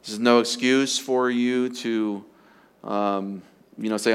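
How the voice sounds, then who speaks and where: A man's voice: mid-range voice, fairly even intonation, slow pace, hardly any pauses, smooth. A man preaching as a pastor, earnest and emphatic, often repeating his phrases for stress. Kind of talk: sermon on marriage.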